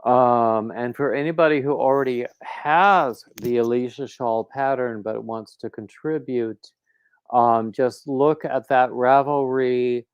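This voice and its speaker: A man's voice: medium pitch, clean tone, no room sound, lo-fi sound. A man hosting a crafting livestream, rambling casually and reading out viewer comments. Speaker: crochet livestream host.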